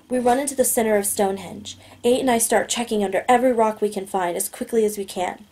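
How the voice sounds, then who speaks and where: A woman narrating a novel in the first person, steady and plain. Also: on the high side, fast, hardly any pauses. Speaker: audiobook narrator.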